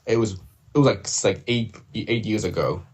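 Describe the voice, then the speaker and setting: A man chatting casually on a livestream about doing voice impressions, rambling with many fillers and throat clears. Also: lowish voice, normal speed, a little mellow. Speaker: streamer and voice impressionist.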